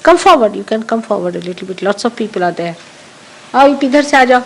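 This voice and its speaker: A woman's voice: a little high, animated, very fast, vocal fry, slight background noise, low-quality recording. A woman giving a spiritual talk to followers, emphatic and repeating her key phrases, in an archival recording. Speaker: spiritual teacher.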